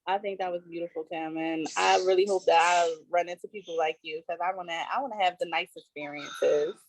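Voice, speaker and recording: A woman's voice: lowish voice, steady tone, a little fast, slight background noise. Earnest woman hosting a video call. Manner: earnest, emphatic, conversational. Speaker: host. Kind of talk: casual video call chat.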